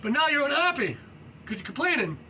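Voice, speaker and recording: Sing-song and fairly quick, the vlogger's very high, bright voice pours out loud, energetic motivational musings, peppered with "you know," while he stretches and moves about indoors under a low ceiling. He's recorded from a distance on a rough recording, with faint noise behind.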